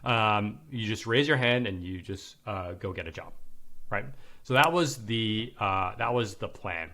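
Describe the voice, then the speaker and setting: A man's voice: fairly low pitch, lively intonation, unhurried, sharp tone. A man in his forties, a podcast guest, telling a candid personal story in casual conversation, swearing now and then and acting out the people he quotes.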